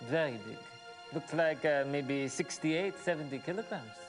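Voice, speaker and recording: An actor with a posh British accent playing a polite German university lab worker, speaking calmly and precisely. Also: male voice, fairly high pitch, normal speed, over music, natural voice. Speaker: lab assistant.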